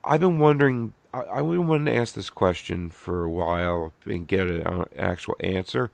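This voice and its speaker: A man with a gravelly voice hosting a loose, profane podcast chat and firing off quick questions. His voice is recorded dry, with no room echo. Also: low voice. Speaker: podcast host. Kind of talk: casual chat.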